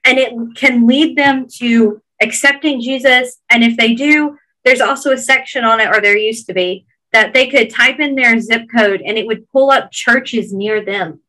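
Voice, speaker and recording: A woman's voice: on the high side, moderate pace, hardly any pauses, bright, forceful tone, poor audio. A woman with a Georgia Southern accent, earnestly encouraging listeners in a casual podcast chat.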